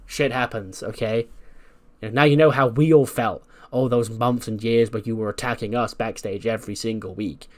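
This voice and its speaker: A man's voice: medium pitch, steady tone, normal speed, close to an everyday voice. A man voicing a combative, boastful female wrestler who rambles and restarts her words. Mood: scolding.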